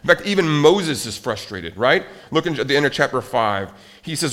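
Man preaching with dramatic swings in volume. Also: on the high side. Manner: expressive, swings between loud emphasis and quiet, drawn-out phrases; frequent self-corrections and restarts while reading scripture. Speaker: pastor. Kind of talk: sermon.

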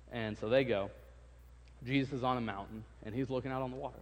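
A man's voice: mid-range voice, fast talker. A man preaching a casual sermon, retelling scripture in everyday talk, often repeating his words and acting out the quotes. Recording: long hall reverb.

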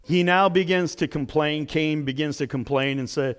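A man preaching a sermon as pastor, dramatic, swinging between loud emphasis and hushed lines. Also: a little high, moderate pace, smooth.

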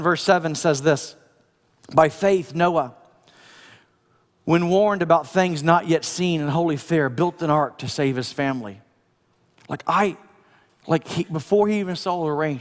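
A male pastor preaching a conversational sermon, swinging from loud, urgent passages to hushed, soft ones. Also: on the high side, in a large hall. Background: music.

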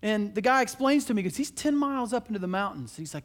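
A man preaching a sermon as pastor, telling a story in an animated, emphatic, conversational way in a church. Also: high voice, fast.

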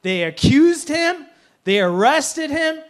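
A man with a strikingly high voice delivers a sermon to his congregation. He preaches with earnest emphasis and easily slips into a joking, playful aside. He sounds like a pastor speaking from the front of a church. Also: very animated, slow pace.

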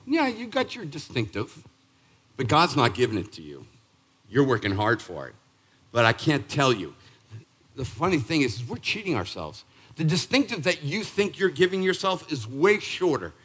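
A man in his sixties from Boston, preaching a sermon as pastor in an emphatic, punchy way that jumps up in pitch and volume. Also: big pitch swings, moderate pace, bright, forceful tone, slightly rough. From Boston, Massachusetts. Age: 60s. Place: church sanctuary.

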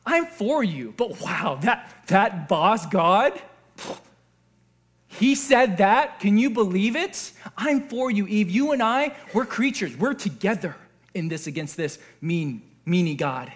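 A crafty serpent croons with mock friendship, as a preacher puts him on in a sermon. His voice sits very high and drawls the words slowly. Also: big pitch swings, full character voice. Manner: mocking, falsely friendly. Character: sly mocking serpent tempter, male.

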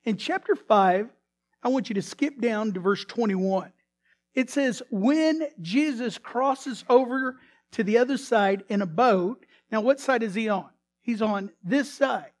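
A man's voice: very high voice, lively intonation, measured pace. Dramatic male pastor preaching. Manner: dramatic storytelling, swinging between loud emphasis and hushed tones; frequent restarts and repeated words. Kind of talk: sermon.

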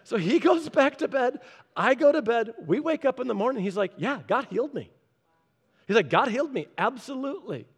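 Guy preaching, fairly high voice, tells a story and acts out the quotes, big echoey hall. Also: a little fast, breathy edge. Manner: animated storytelling, acting out quotes in changed voices. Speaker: pastor. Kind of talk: storytelling sermon. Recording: long hall reverb.

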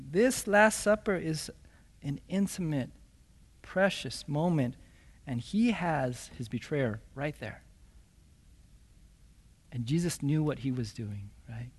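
A man preaching a sermon as pastor, reading scripture and explaining it with emphatic, rhetorical "right?" asides. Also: fairly high pitch. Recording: long hall reverb.

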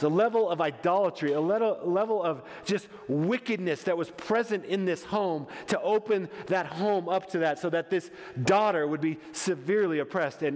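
A man preaching a sermon in a church hall, emphatic and passionate, with frequent stammering restarts. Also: a little high. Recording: long church hall reverb.

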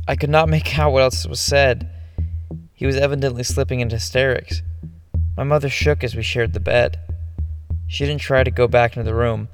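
A man reads a first-person horror story in a measured, ominous way. His voice sits at an ordinary male pitch, and clear music plays beneath the narration throughout. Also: steady tone.

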